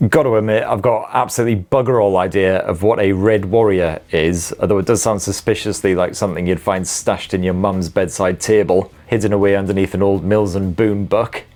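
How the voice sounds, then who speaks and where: A man in his forties with a lowish voice hosts a tech show. He reads out viewer comments and riffs on them with sweary, self-deprecating humour. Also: fairly even intonation, brisk, few pauses, a little mellow. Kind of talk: live stream chat reading viewer comments.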